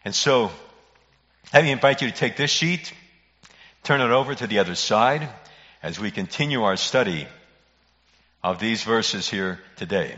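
A man, a pastor, preaching a sermon in an earnest, emphatic way with dramatic pauses. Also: fairly low pitch, animated, bright, forceful tone. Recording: muffled audio in a reverberant hall.

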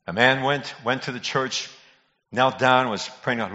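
A man's voice: medium pitch, measured pace, sharp tone. An older man preaching a sermon in a folksy, conversational way, telling jokes and calling out to people in the pews. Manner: folksy joke-telling preacher who calls out to congregation members. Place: church sanctuary. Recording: dull recording in a reverberant hall.

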